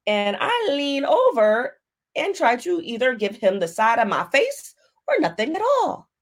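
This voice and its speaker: A woman hosting her own podcast and telling a story in a casual way, animated and laughing as she acts out what people said. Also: on the high side, a little slow. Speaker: podcast host.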